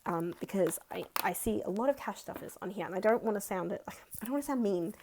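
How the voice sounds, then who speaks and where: A woman in her twenties with an Australian accent, chatting excitedly and counting money aloud in a casual budgeting vlog. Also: medium pitch, fast, background noise. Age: 20s. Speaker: budgeting vlogger. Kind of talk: casual chat.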